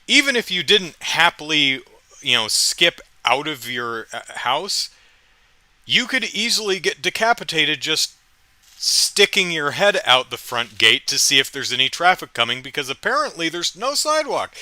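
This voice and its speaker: A man's voice: fairly high pitch, big pitch swings, unhurried, sharp tone, no echo. A man hosting a casual solo podcast, recapping with wry, amused storytelling into a close mic. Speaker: podcast host.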